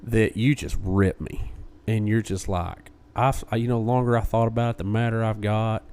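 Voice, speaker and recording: Man, podcast co-host, lowish voice, casual storytelling, acts out quotes. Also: normal speed. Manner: animated retelling, acting out quoted speech.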